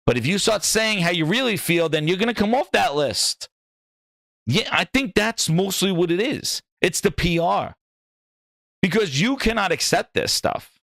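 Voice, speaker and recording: A man's voice: high-pitched, lively intonation, moderate pace, vocal fry, fairly bright tone, dry recording, clean studio sound. A man hosting a gaming channel, ranting in heated, exasperated commentary with swearing and mocking asides.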